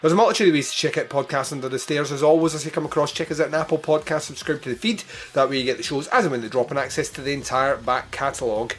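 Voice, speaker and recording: A man's voice: medium pitch, fairly even intonation, very fast. Chatty man hosting a podcast. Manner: chatty, rambling plugs. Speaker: podcast host. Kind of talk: casual podcast outro.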